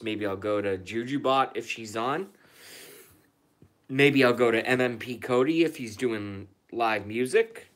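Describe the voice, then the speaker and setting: A man's voice: mid-range voice, fairly bright tone. A man chatting casually on his live stream, rambling, sarcastic and profane, often repeating himself.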